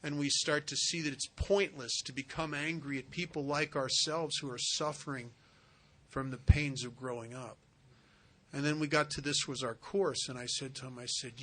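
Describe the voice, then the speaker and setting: Man, retreat speaker, earnest storyteller, bright, forceful tone, acts out voices. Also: mid-range voice, a little hiss or hum. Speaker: recovery speaker. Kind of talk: spiritual retreat talk. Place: retreat center hall.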